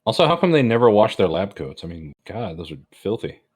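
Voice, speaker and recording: Low-voiced man riffing on a movie. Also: big pitch swings, darkish tone, slightly rough. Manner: joking, quick asides, laughs often. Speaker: podcast co-host. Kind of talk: casual movie riffing commentary.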